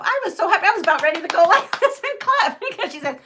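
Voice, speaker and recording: A middle-aged woman hosting a casual livestream, chatting in a rambling, animated way and reading out viewer comments. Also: very high-pitched, fast, a little hiss or hum. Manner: animated storytelling with gasps and laughs. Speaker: livestream host.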